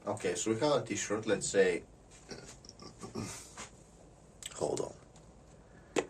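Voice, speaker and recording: A man giving a rambling comedic monologue. He repeats words and often clears his throat. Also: fairly low pitch, drawn-out words, distant mic, slight background noise.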